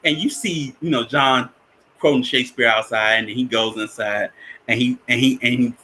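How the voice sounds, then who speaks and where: Bright-voiced man rambling about a film. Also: medium pitch, moderate pace, a little hiss or hum. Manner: rambling with many restarts, chuckles often. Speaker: spiritual teacher discussing a film. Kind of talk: casual film commentary.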